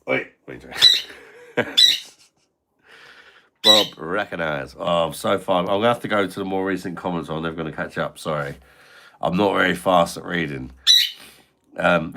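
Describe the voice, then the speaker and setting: A man's voice: sits low, normal speed, vocal fry. A man hosting a casual live stream, bantering and swearing at his noisy pet bird while reading chat comments. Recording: loud parrot squawks behind.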